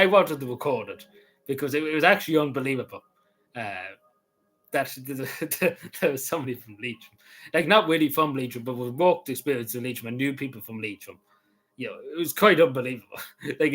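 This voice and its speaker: A man's voice: medium pitch, fairly quick, fairly bright tone, low-quality recording. Rambling Irish man, chatty and joking. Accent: Irish, Cavan. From Ireland. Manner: meandering, joking, many fillers and restarts. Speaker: vlogger. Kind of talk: casual rambling chat.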